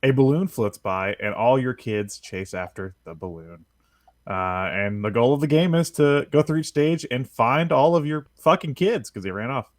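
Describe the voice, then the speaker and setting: A man's voice: mid-range voice, animated, moderate pace, dry recording, clean studio sound. A man chatting casually on a gaming podcast, reviewing a game with lots of fillers and chuckles. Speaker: podcast co-host.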